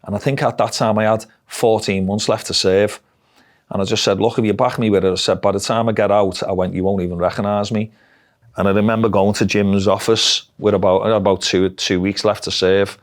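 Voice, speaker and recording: A man's voice: on the low side, little pitch movement, a little fast. A middle-aged man with a Liverpool Scouse accent, telling his life story bluntly and frankly in an interview. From Liverpool, England. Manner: blunt, dialect-heavy, frank. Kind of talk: candid personal storytelling.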